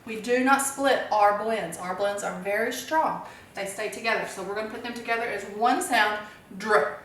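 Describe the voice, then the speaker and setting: A woman's voice: mid-range voice, moderate pace, a bit bright, recorded from a distance, slight background noise. A woman teaching a phonics lesson to young children, cheerful and encouraging, asking questions and answering them herself. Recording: very echoey room, voice from off-mic.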